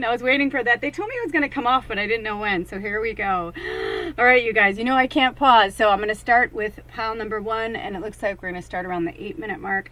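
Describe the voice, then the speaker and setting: Chatty, animated woman doing a card reading. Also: medium pitch, a little hiss or hum, poor audio. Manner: chatty and animated, swears casually, acts out her own inner voice. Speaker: psychic medium doing tarot readings. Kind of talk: casual spiritual card-reading monologue to viewers.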